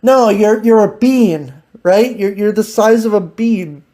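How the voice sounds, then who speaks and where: A woman's voice: medium pitch, measured pace, warm tone. A woman hosting a podcast, teasing and giggling through a casual improvised chat. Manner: giggly, teasing, laughs often. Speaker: podcast host.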